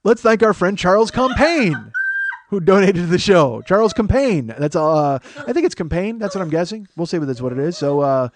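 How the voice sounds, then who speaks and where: A man in his forties hosts a comedy podcast in loose, casual chat. His voice sits a little high, and he rambles, jokes crudely and makes fun of himself. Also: expressive, normal speed, slight background noise. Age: 40s. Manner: rambling, self-mocking, crude. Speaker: podcast host.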